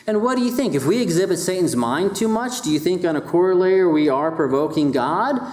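A man's voice: high voice, expressive, a little fast, a little mellow, reverberant. A man delivering a sermon in a conversational style and putting rhetorical questions to his congregation. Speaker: pastor.

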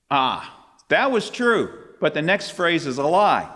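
A man preaching a sermon, emphatic, his pitch climbing on questions and quoted scripture. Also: huge pitch swings, a little slow, sharp tone, big-room sound.

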